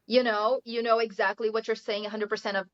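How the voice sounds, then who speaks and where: A woman's voice: on the high side, level tone, fairly quick. Chatty Brazilian woman, muffled lo-fi audio. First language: Portuguese. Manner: chatty, laughs often, says "you know" a lot. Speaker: English teacher, guest. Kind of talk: casual interview chat.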